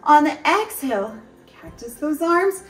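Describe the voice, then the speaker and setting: A woman's voice: high voice, expressive, a little slow. A woman teaching a family yoga flow, cheerful and encouraging, singing some of her cues. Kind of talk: guided kids' yoga with singing. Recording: roomy, mic at a distance, music underneath.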